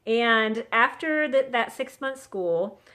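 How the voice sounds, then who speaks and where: Woman, middle-aged, high-ish voice, chatty and earnest, self-filmed on a phone stick for a faith vlog. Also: lively intonation, slow pace, sharp tone. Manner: chatty, earnest, acts out quotes. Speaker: vlogger sharing a devotional. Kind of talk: casual Christian encouragement vlog. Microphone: phone on a selfie stick.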